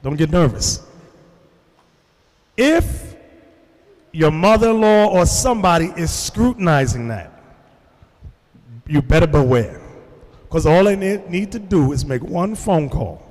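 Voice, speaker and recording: Unhurried and pausing often, a man delivers a sermon full of stories, performing the voices of the people in them. His fairly high pitch swings broadly, and a lingering big-hall reverb follows each word.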